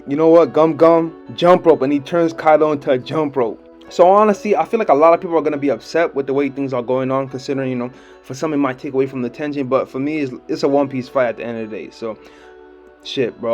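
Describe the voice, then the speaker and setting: A young man talks through a comic chapter in a loose, excited, slangy way, laughing as he goes. His voice sits at an ordinary middle pitch. Faint music plays behind him. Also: muffled recording. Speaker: manga chapter reviewer. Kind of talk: casual video review.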